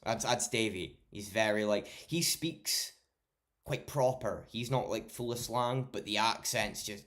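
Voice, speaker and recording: A man's voice: on the low side, unhurried, a bit bright. A young man from Scotland with a mild Scottish accent, chatting on a late-night stream in a rambling, sweary, laid-back way. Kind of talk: casual chat.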